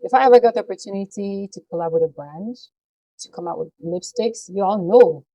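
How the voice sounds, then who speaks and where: A woman's voice: mid-range voice, brisk, mellow, poor audio. A woman vlogger speaking to her viewers in a heartfelt, earnest way. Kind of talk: personal talk to camera.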